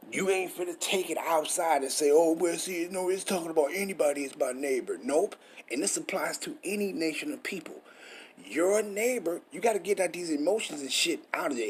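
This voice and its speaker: A man with a higher-pitched voice teaches scripture street-style, preachy and emphatic, packing in rhetorical questions and swearing. A faint hiss or hum sits under the recording.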